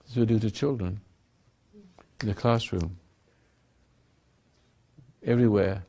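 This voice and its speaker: A man's voice: fairly low pitch, slow pace, mellow, breathy edge. A man speaking as a spiritual teacher in a sermon dialogue, rambling and acting out quoted voices.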